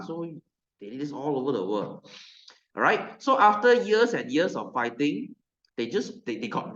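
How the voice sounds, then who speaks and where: A man's voice: mid-range voice, reverberant, highs cut off. A man with a Malaysian English accent, teaching a science class in a loose, joking way and putting on mocking voices. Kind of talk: classroom lecture.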